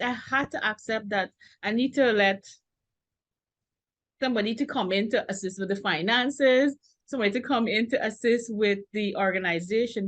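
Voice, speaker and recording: A woman from Guyana, a business owner answering interview questions in a frank, animated way, often stressing her words. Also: fairly high pitch, dry recording. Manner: animated and frank, laughing now and then, stressing key words. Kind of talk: earnest conversational interview answers.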